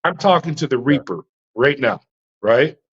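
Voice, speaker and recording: A middle-aged man recounts his past as a prison officer, animated and dramatic. He stumbles over fillers and restarts but keeps driving the story. The sound is a little dull and lo-fi. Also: medium pitch, normal speed, slightly rough. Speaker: interview guest, former prison officer.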